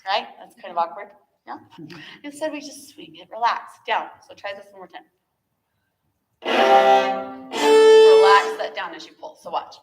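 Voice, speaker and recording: A woman's voice: mid-range voice, animated, unhurried, pauses often, over music. A woman teaching a viola masterclass, talking through bowing technique with chatty, encouraging asides. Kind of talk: masterclass coaching. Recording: echoey room with instrument playing.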